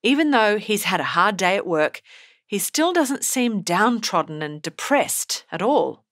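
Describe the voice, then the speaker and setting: A woman teacher giving a scripted poetry lesson in a measured, explanatory way. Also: mid-range voice, big pitch swings, a bit bright, no room sound, clean studio sound. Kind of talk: scripted narration.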